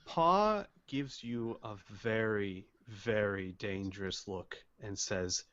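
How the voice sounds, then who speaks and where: A man narrating a tabletop role-playing game as game master, speaking in a slow, measured way and voicing characters. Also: lowish voice, a bit bright. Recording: muffled lo-fi voice chat.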